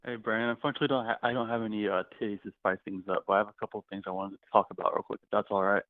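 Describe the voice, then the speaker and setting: A man's voice: fairly low pitch, flat delivery, very fast, no echo. A man calling in to a sports show, talking football casually and politely. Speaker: caller. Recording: tinny phone line.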